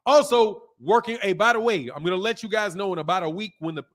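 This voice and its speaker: A high-voiced man speaking hosts a casual livestream. He reads viewer comments aloud and answers them bluntly, with profanity, laughter and animated asides. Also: quick pace. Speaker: boxing channel host.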